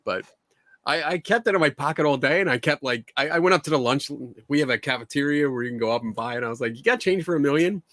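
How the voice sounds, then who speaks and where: A male host in a casual live stream, joking around and reading viewer questions aloud. His voice sits at an ordinary middle pitch. The sound is dry and close, with no room echo. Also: fast, pushed and bright.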